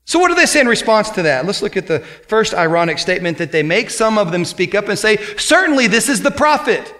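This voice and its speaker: Bright, high-pitched preaching man. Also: animated, quick pace. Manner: emphatic, swings between loud exhortation and quiet explanation. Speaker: pastor. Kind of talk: sermon.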